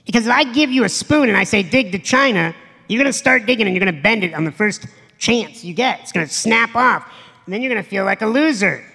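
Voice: medium pitch, expressive, fast, vocal fry, bright, forceful tone, big-room sound. A motivational speaker giving a live stage talk to an audience, blunt and profane, emphatic, acting out quoted voices.

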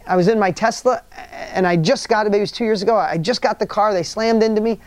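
In a dry recording, a quick-paced man with a high-pitched, darkish voice gives a motivational seminar talk. He drives home his stories, repeats the key lines, and throws rhetorical questions at the crowd.

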